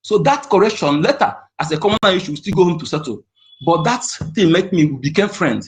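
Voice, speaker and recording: Man, heated and insistent, fairly high voice, call-in audio. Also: lively intonation, fairly quick. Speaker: caller. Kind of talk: impassioned call-in speech.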